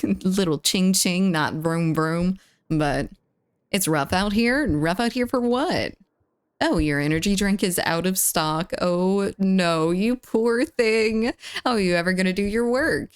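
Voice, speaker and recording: A woman, rambling in casual chat with her live viewers and reading their messages aloud. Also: medium pitch. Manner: rambling, lots of filler "like", reads chat aloud. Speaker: streamer.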